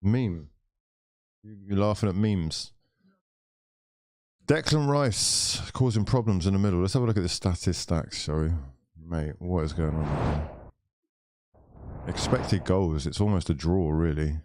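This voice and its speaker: A man's voice: low voice, moderate pace, a little mellow, no room sound, clean studio sound. A young man streaming a live football watchalong, ranting, swearing and bantering with his viewers. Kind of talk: live watchalong commentary and chat.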